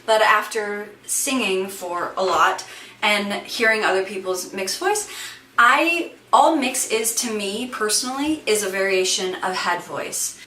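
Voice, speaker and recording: A woman singer and voice teacher talks through her vocal range in a relaxed, thinking-aloud way, full of "like" and "sort of". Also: mid-range voice, slow. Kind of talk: casual vocal demonstration. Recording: echoey room, distant mic, faint hiss.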